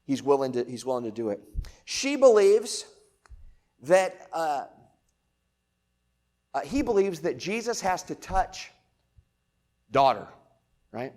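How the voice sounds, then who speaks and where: A man preaching a sermon in a relaxed, talky way, full of "right?" asides to the congregation. His voice sits a little higher than most men's. He swings from loud, emphatic lines to quiet, close remarks. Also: slow pace, long pauses. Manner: casual conversational preaching with rhetorical questions. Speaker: pastor.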